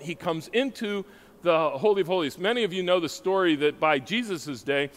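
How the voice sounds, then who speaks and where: A man preaching a sermon, emphatic and asking his listeners questions as he teaches. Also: a little high. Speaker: pastor. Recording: hall reverb.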